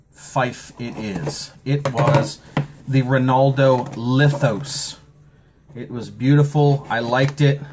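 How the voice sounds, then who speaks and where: There's a little hiss or hum under this man's mid-range voice. In his forties and speaking with an Eastern Shore of Maryland accent, he's a pipe collector vlogging an unboxing, rambling casually while joking at his own expense.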